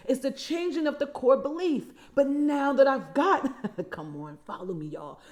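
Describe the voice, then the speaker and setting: A woman in her forties giving an emphatic motivational talk as a coach, often repeating key phrases and calling listeners y'all. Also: high voice. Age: 40s. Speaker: vision and empowerment coach.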